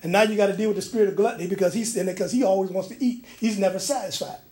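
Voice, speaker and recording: A man preaching a sermon in a church. He moves between loud preaching and quiet personal stories, with many restarts. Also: high voice, rapid-fire. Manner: many restarts and fillers when telling stories.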